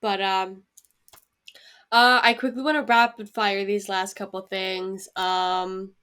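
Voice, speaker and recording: A young woman talks casually as a podcast co-host. She is blunt and swears a lot, and she fills her pauses with ums. Her pitch sits in the middle range. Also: level tone, fairly bright tone, clear, resonant tone. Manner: blunt, profane, with many ums. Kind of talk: casual chat.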